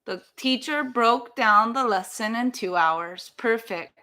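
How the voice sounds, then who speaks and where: Woman, English teacher, slow careful delivery, bright voice, live online lesson. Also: on the high side. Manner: slow, careful, encouraging explanations reading out students' sentences.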